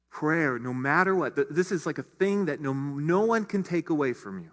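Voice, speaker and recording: A man's voice: a little high, lively intonation, moderate pace, hardly any pauses, a bit bright. A middle-aged male pastor giving a conversational sermon, full of casual asides and restarts. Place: church sanctuary. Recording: long hall reverb.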